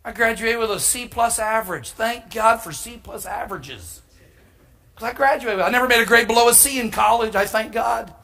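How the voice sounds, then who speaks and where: A middle-aged male pastor preaching a storytelling sermon, humorous and animated, bursting into emphatic shouts. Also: sits high.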